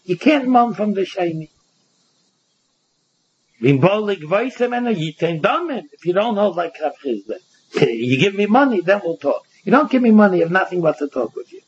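Male Talmud lecturer, high-pitched and husky, animated, plays out both parties, lo-fi sound. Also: normal speed. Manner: animated, acts out both sides of the case. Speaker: Talmud teacher. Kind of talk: Talmud lecture in Yeshivish English. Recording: dull lo-fi recording.

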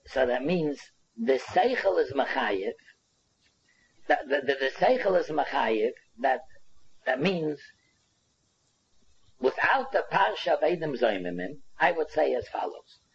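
A man's voice: sits high, gravelly, husky, highs cut off. A man giving a Talmud lecture, explaining animatedly and mixing in Yiddish and Hebrew terms, often restarting his words. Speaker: Talmud teacher.

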